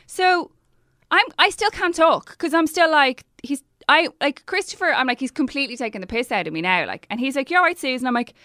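A high-pitched Irish woman tells a breathless, animated story in casual chat. She slips into the voices of the people she quotes. The sound is dry and close. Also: brisk, no room sound. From Ireland. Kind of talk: casual chat, telling an anecdote.

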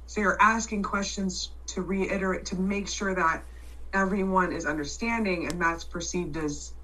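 A woman in casual chat, loud and blunt, swearing freely and restarting her sentences as she tells a story. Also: fairly low pitch, normal speed, distant mic, slight background noise, poor audio.

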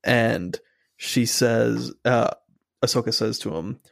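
Gravelly man on a podcast mic. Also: medium pitch, slow pace, no echo, studio quality. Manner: earnest, recounting lines in detail. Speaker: podcast co-host. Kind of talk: casual fan chat.

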